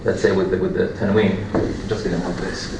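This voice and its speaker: A man's voice: low voice, flat delivery, fairly quick. A man teaching a classroom lesson on Quran recitation, explaining patiently step by step with repeated examples. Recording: echoey room, light background hum.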